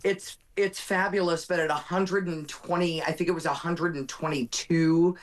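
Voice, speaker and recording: A woman's voice: fairly low pitch, fairly even intonation, normal speed. A woman, a radio host appearing as a guest, chatting in a friendly, self-deprecating way. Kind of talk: live remote radio chat.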